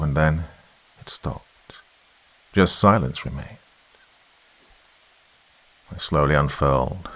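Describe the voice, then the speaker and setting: A man's voice: rumbling low, gravelly, a bit bright, breathy edge. A man narrating a space horror story in a tense, scripted storytelling voice.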